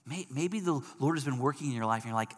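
A man preaches from the front of a church, his voice sitting in an ordinary middle pitch. He tells stories with lively, punchy emphasis, then drops into quieter, earnest appeals. A long reverb from the large hall trails after each phrase. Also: fast talker. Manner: animated preaching, swings from loud emphasis to soft. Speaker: pastor. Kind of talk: sermon.

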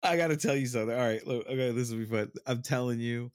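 A man's voice: mid-range voice, fast talker, no echo, studio quality. A middle-aged man, a podcast co-host from New Orleans, chatting casually and laughing as he tells stories. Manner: laughs often, storytelling. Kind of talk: casual chat.

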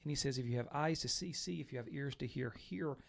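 A man speaking in a reflective, measured way in a casual conversation. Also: mid-range voice, creaky, breathy edge.

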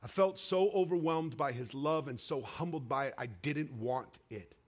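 A man preaching a sermon, telling a personal story with emotional swings between raised cries and hushed, quiet passages. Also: moderate pace. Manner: emotional storytelling with sweeping highs and hushed lows.

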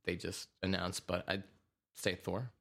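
A man's voice: low-pitched, little pitch movement, unhurried, creaky, fairly bright tone. A man co-hosting a casual podcast chat, playful and laughing often.

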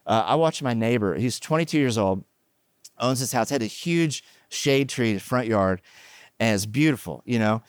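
A middle-aged man preaching a conversational sermon, mixing jokes and animated asides with scripture. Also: medium pitch, moderate pace, smooth, no room sound, studio quality. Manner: joking, animated asides, chatty fillers. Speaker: pastor.

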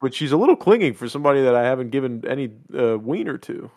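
A young man telling a story from a game with animated energy and plenty of swearing. He sits at a middle pitch in a dry, close recording, talking like he would with friends. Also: fast, dry recording. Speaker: podcast host. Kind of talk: casual chat.

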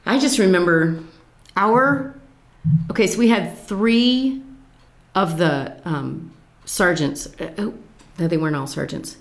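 Older lady swapping service stories, voice jumps all over, low-ish, roomy echo. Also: slow, vocal fry. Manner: animated, laughs through her stories. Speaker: veteran telling her story. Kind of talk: casual storytelling chat.

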